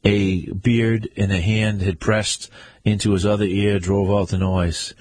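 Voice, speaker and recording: Brief: male narrator, husky, steady audiobook read, dry. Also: on the low side, unhurried, no room sound.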